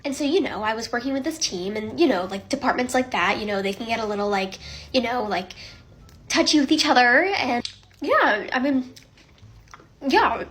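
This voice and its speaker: A woman playing an anxious young job candidate who stammers and fills every pause with "like" and "you know". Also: a little high, lively intonation, fairly bright tone. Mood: nervous rambling. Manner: nervous, stammering, filler-heavy.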